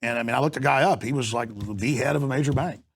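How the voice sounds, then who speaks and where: A man hosting a talk show, speaking forcefully and emphatically in a heated discussion. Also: medium pitch, creaky. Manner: forceful, emphatic, rapid-fire delivery. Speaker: host.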